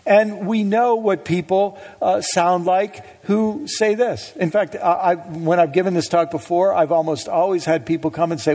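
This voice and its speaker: A man's voice: high voice, a little mellow, husky. A middle-aged man giving a conversational public talk with anecdotes to an audience in a hall, often hesitant with fillers and restarts, with a wry touch. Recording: long reverb of a hall.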